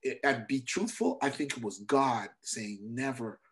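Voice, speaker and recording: A male comedian, middle-aged, sits as a guest and tells a story from his career. His voice sits at a medium pitch, and he keeps acting out the lines of the people in his story, changing his voice for each of them. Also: measured pace. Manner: acts out other people's lines while telling a story. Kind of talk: animated storytelling interview.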